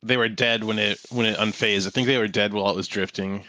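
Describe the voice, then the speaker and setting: Bright-voiced man theorizing. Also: on the low side, steady tone, fast talker, no echo, low-quality recording. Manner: speculating, theorizing. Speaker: watch-along participant. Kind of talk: casual group chat.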